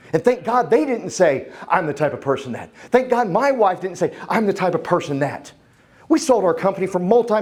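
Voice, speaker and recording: A man's voice: sits high, a little mellow. A man, giving a fervent, joking motivational talk on a conference stage. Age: 50s. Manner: fervent and humorous, talks to the crowd. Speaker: keynote speaker.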